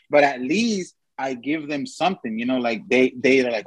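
A man's voice: medium pitch, normal speed, few pauses, husky, dry recording, rough recording. A man hosting a podcast, chatting casually and giving blunt, heavily profane advice. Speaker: podcast host.

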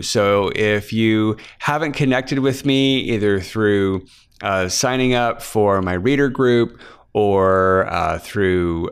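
A man from Kansas hosts his podcast, chatting casually about his writing. His voice sits a little low and sounds smooth and clear. He rambles, with frequent fillers and false starts. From Kansas, USA. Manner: rambling, many fillers and restarts. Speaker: author and podcast host. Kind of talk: casual behind-the-scenes chat.

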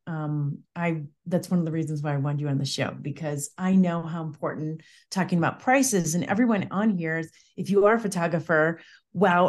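A woman hosting an interview podcast, upbeat and chatty, reading out her guest's bio. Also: low-pitched. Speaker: podcast host. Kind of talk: casual interview chat.

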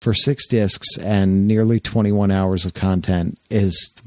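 A man hosting a podcast, chatting casually and retelling an anecdote with lively jumps into quoted voices. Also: slow, no echo. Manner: animated storyteller, jumps up in pitch for quoted voices. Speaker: podcast host.

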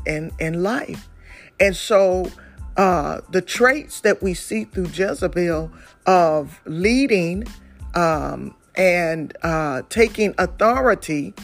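Woman, preacher, conversational sermon, unhurried delivery, faint music underneath. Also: fairly low pitch. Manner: conversational preaching with fillers and restarts.

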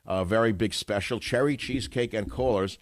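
A man's voice: fairly low pitch, fairly quick, dry recording, clean studio sound. An older man hosting a call-in radio talk show, opinionated, emphatic and self-assured, combative in his monologues.

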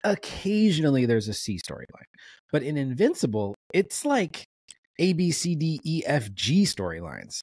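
A man co-hosting a review podcast, talking in an animated, casual way with stumbling restarts. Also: on the high side, moderate pace, slightly rough, no echo, studio quality. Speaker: podcast co-host.

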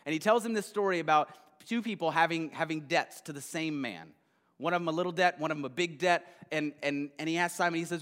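A man's voice: fairly high pitch, fast talker, a bit bright, long reverb tail. A man preaching a casual sermon in a conversational, rambling way, with a lot of fillers, asides and check-ins with his listeners. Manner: conversational, rambling, frequent "right?". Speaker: pastor.

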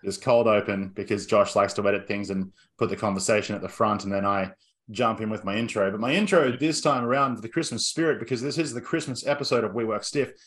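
A man's voice: on the low side, quick pace, fairly bright tone. A man hosting a podcast in a playful, jokey way, reeling off rhyming introductions. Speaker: podcast host. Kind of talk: casual podcast banter.

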